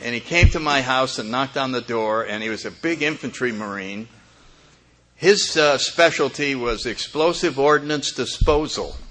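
A man's voice: medium pitch, expressive, normal speed, bright, forceful tone, slight background noise. An older man telling a humorous personal story as a speaker at a recovery meeting, often chuckling as he talks.

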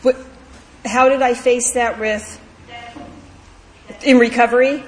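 A woman's voice: on the high side, steady tone, slow. Woman telling her story in an echoey hall. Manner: candid, heartfelt storytelling. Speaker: speaker sharing at a recovery meeting. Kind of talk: personal recovery story. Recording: echoey hall with faint background noise.

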